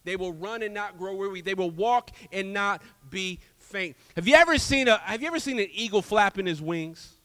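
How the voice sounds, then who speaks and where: A man preaching a sermon in an animated way, swinging from loud to soft. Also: high-pitched, normal speed, few pauses. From Houston, Texas. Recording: long echo of a large hall.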